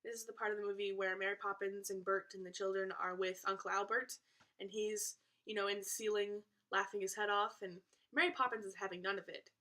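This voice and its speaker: Teenage girl, vlogger, casual chat, playful asides, bright tone. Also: mid-range voice, steady tone, a little fast. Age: teens. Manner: chatty, playful, self-aware asides.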